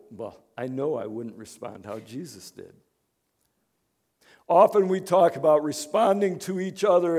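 A man pastor giving a conversational sermon, dropping to hushed asides and rising to emphatic points. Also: medium pitch. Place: church in Chicago.

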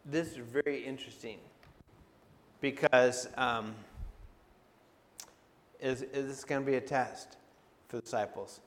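A man's voice: medium pitch, steady tone, a little slow, pauses often, big-room sound. A man preaching a sermon in a conversational way, often asking his listeners questions. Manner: conversational, asks the audience questions. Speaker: pastor.

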